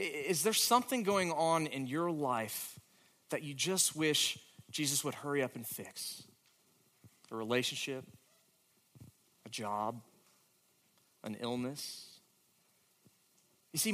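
A man preaching a sermon with a dramatic delivery that moves between hushed, quiet moments and emphatic, louder questions. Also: medium pitch. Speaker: pastor.

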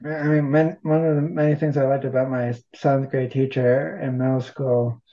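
A man's voice: medium pitch, level tone, moderate pace, dark tone, lo-fi sound. A man talking casually as an interview guest, rambling and poking fun at himself. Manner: rambling, self-deprecating humor. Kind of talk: casual conversation.

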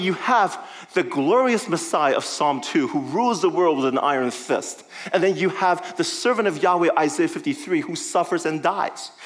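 Animated man preaching conversationally. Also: fairly high pitch. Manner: animated, conversational, checking in with the listeners. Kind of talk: sermon.

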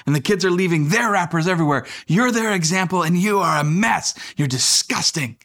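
A man's voice: expressive, a little fast, vocal fry, fairly bright tone, exaggerated voice. A man voicing his exasperated wife as she scolds him, in a raised, scolding put-on voice. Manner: scolding, higher-pitched put-on voice. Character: exasperated wife scolding her messy husband.

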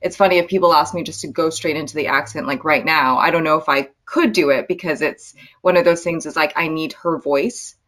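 A woman actress as interview guest, talking in a relaxed, friendly way with plenty of "like" and "um". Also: low-pitched, brisk, hardly any pauses. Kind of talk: casual interview chat.

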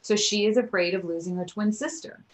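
A woman's voice: medium pitch, brisk, rough recording. A woman guest on a podcast interview, a yoga teacher telling stories and acting out quotes with animation.

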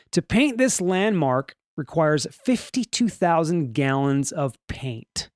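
A podcast host with a somewhat high, animated voice rambles and jokes his way through news stories at a slow pace, restarting lines and putting on mock voices. The recording is dry and clean, with studio sound.

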